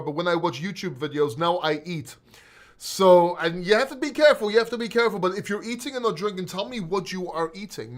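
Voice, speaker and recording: A talkative male host with a high-set voice, chatting on a livestream and reading chat messages aloud. He is blunt and casual, and he swears freely when he gets worked up. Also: fairly bright tone.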